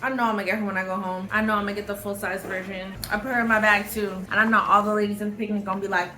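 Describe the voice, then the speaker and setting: A young woman chatting casually to camera in a vlog, loud and playful with quick asides. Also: mid-range voice, little pitch movement, background noise. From United States. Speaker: travel vlogger.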